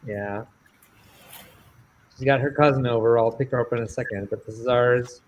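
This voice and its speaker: A man's voice: mid-range voice, fairly even intonation, moderate pace, dull audio, slight background noise. A man co-hosting a hobby live stream from a video call, chatting casually with teasing banter. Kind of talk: casual chat.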